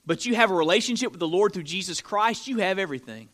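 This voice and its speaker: A pastor with a high, bright voice preaches with sweeping dynamics. He builds to loud, ringing declarations, then drops to hushed, intimate lines, and he drives his points home by repetition and by asking the listeners questions. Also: animated, fast talker. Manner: preaching with big swings from loud emphatic peaks to quiet intimate lows; repeats key phrases for emphasis, asks the congregation questions. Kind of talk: sermon.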